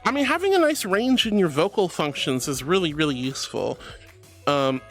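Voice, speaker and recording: A woman's voice: sits low, animated, normal speed, faint music behind. A woman streaming live and chatting with viewers, bubbly and gushing, greeting people with pet names. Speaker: streamer reading chat. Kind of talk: casual live-stream chat.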